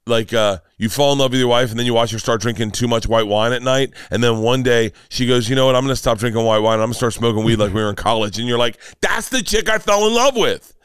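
A man in his fifties tells a story as a podcast guest, his voice rising and falling as he gets carried away. He restarts his sentences often and talks in a loose, rambling way. His voice is at a middle pitch and sounds close and dry, with no room echo. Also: clear, resonant tone. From Florida, United States. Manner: animated, rambling, emotional storytelling with many restarts. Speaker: comedian guest.

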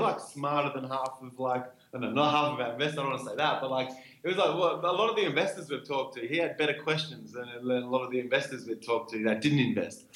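A laid-back man tells stories in a relaxed, rambling way, full of "like" and restarts. His voice sits at an ordinary middle pitch. It rings in a roomy, echoing space. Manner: laid-back, lots of fillers and "like". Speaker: startup co-founder. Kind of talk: casual interview storytelling.

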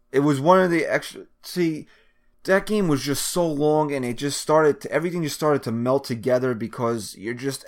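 A man co-hosting a sports podcast in a rambling way that often trails off mid-thought. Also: mid-range voice. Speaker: podcast co-host. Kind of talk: casual sports chat.

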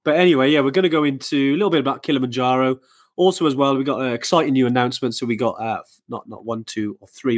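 Chatty man co-hosting a live podcast. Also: mid-range voice. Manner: chatty, hesitant with many fillers and restarts. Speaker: podcast co-host. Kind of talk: casual live-stream chat.

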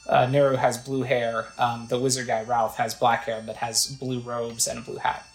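A woman's voice: very deep voice, little pitch movement, normal speed, few pauses, echoey room, faint music behind, low-quality recording. A woman casually playing a video game, chatting about what's on screen and reading text aloud. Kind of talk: casual let's play commentary.

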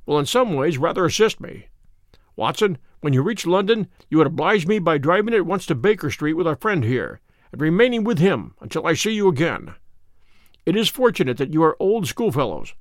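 A man reading an audiobook, voicing a calm, authoritative detective with a measured manner. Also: a little high, no room sound, clean studio sound. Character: sharp, commanding male detective, calm and cryptic.

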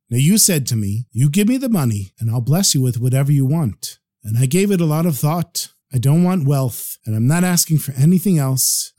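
A man's voice: mid-range voice, warm tone, no room sound, clean studio sound. A man doing a shrewd cattle-dealer businessman. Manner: businesslike, bargaining, firm. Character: shrewd wealthy male cattle dealer, insistent.

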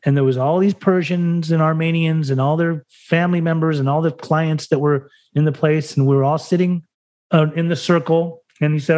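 A man from Salt Lake City, in the United States, speaks at a moderate pace in a voice on the high side, steady and a little mellow. As a podcast guest he tells his story candidly and emotionally, swearing freely and acting out the dialogue.

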